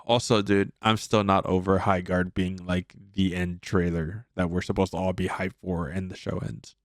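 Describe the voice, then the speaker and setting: A man's voice: low-pitched, little pitch movement, moderate pace, dry recording, clean studio sound. A man co-hosting a podcast, giving his opinions in casual chat with lots of fillers. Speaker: podcast co-host.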